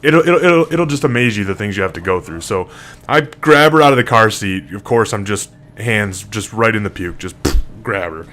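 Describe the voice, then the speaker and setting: A man's voice: fairly low pitch, expressive, normal speed, a bit bright. A man casually telling a rambling story to camera, full of fillers, restarts and swearing. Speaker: single father vlogger.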